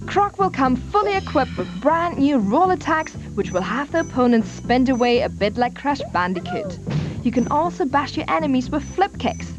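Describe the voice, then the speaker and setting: A woman narrating a scripted video game review voice-over in a bubbly manner. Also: high-pitched. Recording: dull TV audio with music.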